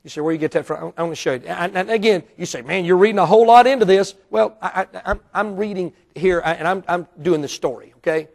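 Man, Baptist pastor, high voice, emphatic sermon, hushed to loud, church auditorium. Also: quick pace, vocal fry, hardly any pauses. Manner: emphatic, swings between hushed asides and loud outbursts.

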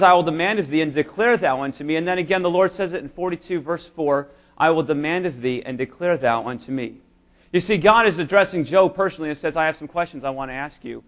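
At a church service, a man with a notably high, fairly bright voice preaches emphatically. He illustrates his points with stories told straight to the congregation.

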